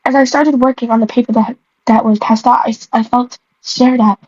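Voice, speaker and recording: A woman's voice: a little high, fairly even intonation, a little fast, darkish tone. A young woman reading her old story aloud and tripping over the words. She keeps stopping to mock her own writing. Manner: stumbling, self-mocking, breaks into giggles. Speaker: creator rereading her old stories. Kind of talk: reading aloud with comic asides. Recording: dull lo-fi, dry.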